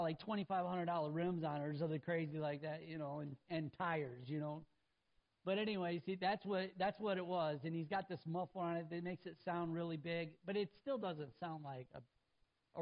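A man preaching a sermon, pitched high for a man, who tells a story with acted-out voices and asides to the listeners. The recording sounds a little dull and lo-fi. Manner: animated storytelling, acts out voices, talks to the congregation. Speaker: pastor.

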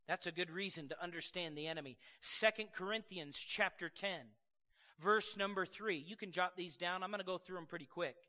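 A man's voice: high voice, a little fast. A man preaching a sermon as pastor, telling stories in a chatty way with laughing asides. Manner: conversational, laughing asides, animated storytelling. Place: church sanctuary. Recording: reverberant church hall.

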